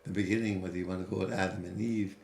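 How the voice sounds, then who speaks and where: A man giving interview answers as a storyteller, animated, with sudden rises in pitch and quick asides. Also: vocal fry, slight background noise. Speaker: guest. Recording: roomy echo.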